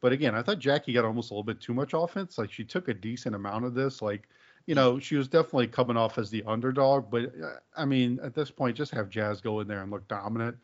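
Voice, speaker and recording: A man's voice: medium pitch, quick pace. A man hosting a casual podcast, talking in a laid-back, rambling way with lots of fillers. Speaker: podcast host. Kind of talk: casual wrestling podcast chat. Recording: dull lo-fi podcast audio.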